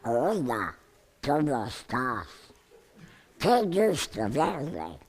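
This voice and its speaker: A preacher voicing a friendly, chattering talking duck in a quacking duck voice. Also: male voice, medium pitch, huge pitch swings, slow, husky, exaggerated voice. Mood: friendly greeting.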